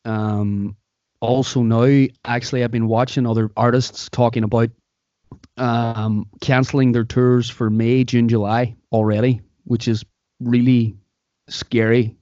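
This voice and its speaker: A man's voice: medium pitch, level tone, measured pace, dark tone, dry recording. A man with a Derry accent hosts a podcast in loose, joking banter. The recording is dry and a little dull, as if from a small home setup. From Derry, Northern Ireland. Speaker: podcast host. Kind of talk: casual chat. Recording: dry, slightly dull sound.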